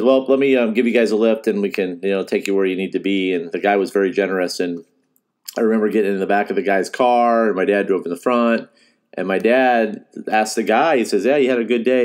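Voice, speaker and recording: Middle-aged fishing guide, low voice, loose emotional storyteller who trails off and restarts. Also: male voice, brisk, darkish tone. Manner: emotional, rambling, with laughs and restarts. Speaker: fishing guide and podcast host. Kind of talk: casual storytelling.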